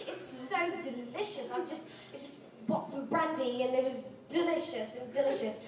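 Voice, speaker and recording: A woman's voice: sits high, moderate pace, close to an everyday voice. A young woman voicing a prim, chatty British lady who gushes over tea, recorded from far off in an echoey room. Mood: gushing. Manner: gushing, prim, repetitive.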